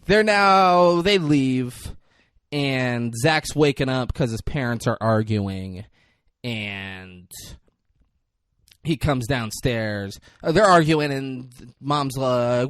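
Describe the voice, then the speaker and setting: A young man co-hosting a podcast, retelling a movie in casual chat and acting out its lines with loud outbursts. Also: medium pitch, moderate pace, dry recording, studio quality. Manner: animated storyteller, acts out lines from the film with loud outbursts. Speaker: podcast co-host.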